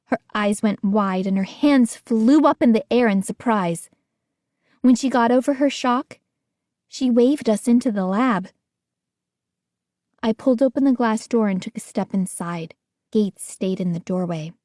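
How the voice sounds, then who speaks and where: A woman reads an audiobook in a measured, unhurried voice that sits a little high. The sound is close and dry, with no room around it. She narrates in the first person and voices the other characters too. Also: mellow, dry recording. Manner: acts out scared young narrator and other characters' lines. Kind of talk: scripted narration.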